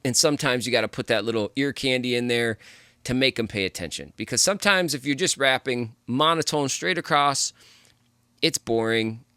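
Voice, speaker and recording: A man hosting a music production tutorial, explaining step by step in a relaxed, casual way as he works. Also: medium pitch, normal speed, clean tone, dry recording, studio quality. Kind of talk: casual screen-recorded tutorial.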